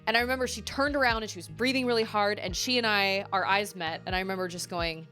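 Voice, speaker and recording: A young adult woman, a live streamer, telling stories in a chatty, animated way with quick asides. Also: medium pitch, faint music behind. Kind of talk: casual storytelling on a live game stream.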